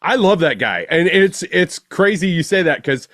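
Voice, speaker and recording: A man hosting a podcast, reflecting warmly on his guest's story in conversation. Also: high-pitched, lively intonation, moderate pace, dry recording, studio quality. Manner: affirming, reflective. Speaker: podcast host. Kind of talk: interview conversation.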